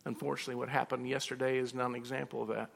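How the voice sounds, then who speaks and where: A male pastor delivering a sermon full of personal stories, his voice gravelly with vocal fry. He acts out both sides of his conversations as he tells them. The sound rings with the long reverb of a large hall. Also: mid-range voice, flat delivery, very fast.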